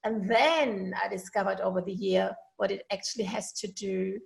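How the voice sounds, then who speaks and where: A woman's voice: medium pitch, fairly even intonation, normal speed, creaky, rough recording. A woman in her forties from Germany with a German accent, hosting a casual solo podcast from her home kitchen, talking with enthusiasm and plenty of fillers. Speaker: podcast host, veterinarian.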